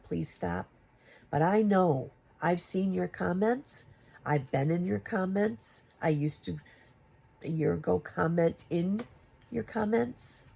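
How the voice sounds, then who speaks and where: Gravelly, husky woman scolding. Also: fairly low pitch, dark tone. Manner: confrontational, rhetorical questions, rising to exasperated emphasis. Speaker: commentary YouTuber. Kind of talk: critical commentary addressed to another creator.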